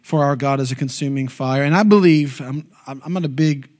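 A man's voice: medium pitch, brisk, a little mellow. A man reading a Bible passage aloud and reflecting on it earnestly.

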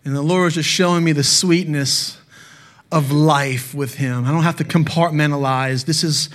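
A man's voice: a little high, fairly even intonation, moderate pace. A young male pastor preaching, telling candid, self-deprecating stories from home life. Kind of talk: sermon.

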